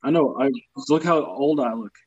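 A man's voice: a little high, moderate pace, dry recording, lo-fi sound. A man who grew up in the American South, telling stories as a comedian guest on a podcast in a casual, self-deprecating, profane way. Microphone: remote video call.

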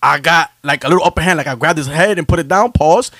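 Animated New man telling a story. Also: quick pace, no room sound. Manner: animated, laughing, swearing, jumps into high voices for quotes. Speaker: podcast host telling a story. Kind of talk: casual storytelling chat.

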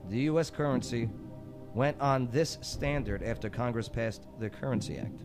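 A man's voice: mid-range voice, moderate pace, music in the background. A man hosting a radio show, playfully setting up pun riddles for his co-hosts. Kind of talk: joking trivia banter.

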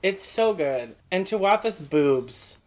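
A woman with a low-pitched voice co-hosts a casual podcast recap. She is snarky, laughs a lot and mocks the characters as she goes. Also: animated, takes it slowly, darkish tone. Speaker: podcast co-host. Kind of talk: casual chat.

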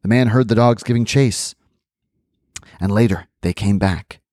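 Low-voiced man telling a folk tale. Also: unhurried, dry recording, clean studio sound. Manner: animated storytelling with chatty asides. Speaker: podcast host and storyteller. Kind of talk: reading a folk tale aloud.

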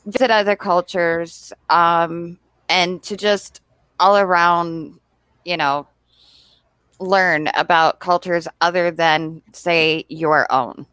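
Woman, podcast host, low smooth voice, dry close sound, asks questions. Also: fairly even intonation, takes it slowly, fairly bright tone, no echo. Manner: friendly, asks questions with fillers. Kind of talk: casual interview.

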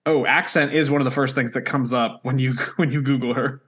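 A man's voice: mid-range voice, steady tone, a little fast, a bit bright. A man hosting a podcast, recapping an episode in casual chat, jokey and swearing freely. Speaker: podcast host.

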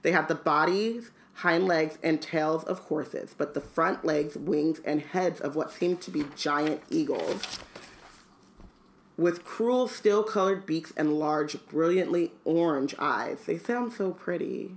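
A woman's voice: sits low, takes it slowly. A woman reading a book aloud on a podcast with casual asides and filler ums. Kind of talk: casual book read-along chat. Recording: roomy echo.

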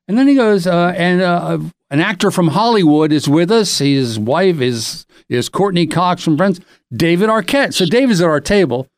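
A middle-aged man hosting a podcast, telling a rambling, animated anecdote in casual chat. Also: high-pitched, moderate pace, no room sound, studio quality. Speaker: podcast host.

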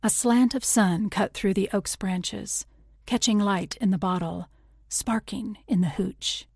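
A woman reading a first-person literary audiobook in a measured, intimate way, slipping into whispers on tender passages. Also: medium pitch, fairly even intonation, gravelly, a little mellow, husky, dry recording, clean studio sound. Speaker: audiobook narrator.

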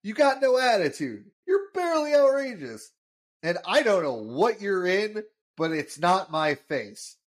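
A brash cartoon studio boss waves off a hopeful with curt dismissals, as a man acts him out. The delivery is slow and blunt. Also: sits high, sing-song, pitched above the performer's own voice. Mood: dismissive.

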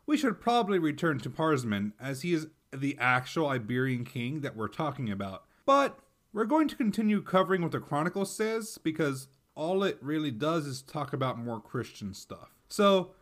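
A man's voice: fairly high pitch, big pitch swings, normal speed, fairly bright tone. A man hosting a history podcast, reading a script with wry, sarcastic asides.

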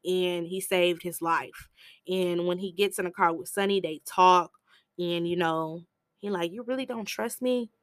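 A woman with a fairly low voice retells a film scene by scene in a loose, chatty podcast style. She swears freely and leaps into high, animated voices for the quotes. The sound is close and dry, with no room around it. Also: measured pace, clear, resonant tone, no echo. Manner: animated storyteller who jumps into high voices to act out quotes; blunt, swears casually, relaxed slang. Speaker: podcast host reviewing a film. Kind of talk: casual movie recap.

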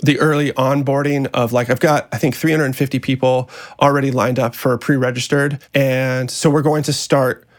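A man chatting casually on a podcast, laid-back and animated as he tells stories about his work as an audio engineer. He drops swear words freely and keeps his tone relaxed and friendly. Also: mid-range voice, moderate pace, few pauses. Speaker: audio engineer and software founder.

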